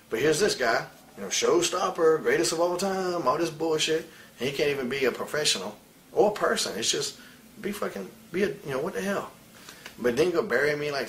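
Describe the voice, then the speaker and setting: A man in his forties with a voice on the high side and a fairly bright tone, this retired wrestler sits for a candid interview. His storytelling is heated, blunt and profane, with faint background hiss.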